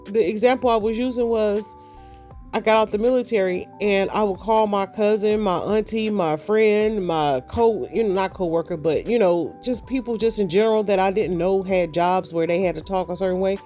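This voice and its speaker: A middle-aged woman vlogger with a mid-range voice delivers a blunt, salty, casual monologue at a moderate pace. She tells her stories loosely and animatedly, mocking the voices of the people in them, with faint music underneath.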